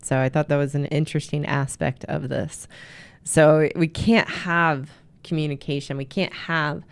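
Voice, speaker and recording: A woman hosting a solo talk show, speaking earnestly to listeners and giving advice, often restarting her phrases. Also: sits low. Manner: earnest, advising, with frequent restarts. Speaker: host.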